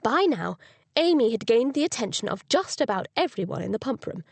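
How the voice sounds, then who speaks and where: Expressive woman narrating an audiobook. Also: a little high, a little fast, creaky, no room sound. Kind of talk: scripted narration.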